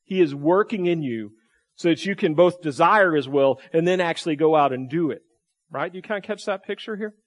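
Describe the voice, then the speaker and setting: A pastor with a drawl preaches in an easygoing, chatty way, checking in with his listeners with quick questions. His voice sits a bit high for a man, and he keeps it lively. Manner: conversational, asks the congregation questions, animated. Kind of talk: sermon.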